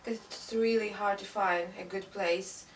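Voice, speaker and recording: A woman's voice: mid-range voice, steady tone, unhurried. A young woman, telling a story in a rambling, casual way with many fillers. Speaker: interviewee. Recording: distant mic, faint room noise.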